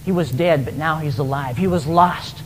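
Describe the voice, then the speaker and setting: A man voicing a loving, forgiving father in a retold parable, speaking gently and reassuringly. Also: on the high side, moderate pace, slight background noise, pitched below the performer's own voice, natural voice. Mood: tender.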